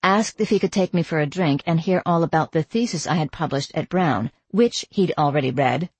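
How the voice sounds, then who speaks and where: A woman's voice: sits low, normal speed, slightly rough, no echo. A woman voicing a young woman friend in a storybook who gossips and complains in a deflated, chatty way. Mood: gossipy.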